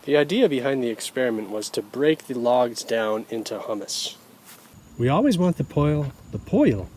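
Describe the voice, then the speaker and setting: A man's voice: medium pitch, lively intonation, normal speed, a little mellow, slight background noise. A man hosting a gardening channel, stumbling over his lines, restarting and laughing at himself. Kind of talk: blooper reel of casual garden vlogging.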